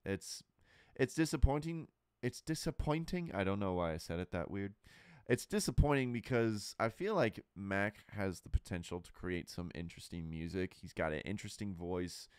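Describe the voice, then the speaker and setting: A man's voice: low-pitched, normal speed, clean tone, dry recording, studio quality. A man hosting his own podcast, giving candid, rambling opinions in a casual monologue full of fillers and restarts. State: burping and hiccuping. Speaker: podcast host.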